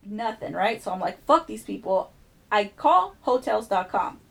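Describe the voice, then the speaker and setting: A woman's voice: medium pitch, lively intonation, moderate pace, creaky, a bit bright. A woman hosting a podcast, telling an exasperated, profanity-laced story in casual chat. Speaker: podcast host.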